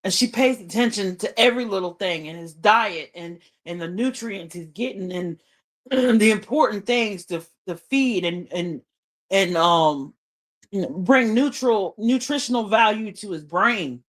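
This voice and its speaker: Slow-talking woman venting on a stream. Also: medium pitch. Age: adult mother. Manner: venting, emphatic, swears freely. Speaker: livestream host. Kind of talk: unscripted livestream monologue.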